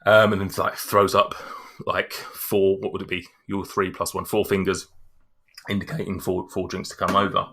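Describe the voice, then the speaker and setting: A man narrating as game master, halting and full of fillers. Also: deep voice, flat delivery, sharp tone, husky.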